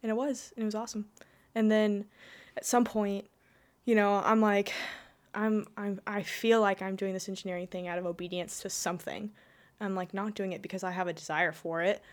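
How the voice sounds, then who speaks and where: A woman's voice: medium pitch, steady tone, a little fast. A young woman telling her personal faith story in casual conversation, rambling with lots of "like" and restarts. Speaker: guest.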